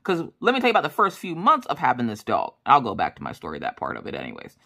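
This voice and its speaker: Brief: low-pitched woman vlogger with an animated, swooping delivery and chatty asides. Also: fast talker. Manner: animated, acts out voices in quotes; chatty, with many fillers and asides. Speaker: craft vlogger. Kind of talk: casual storytelling chat.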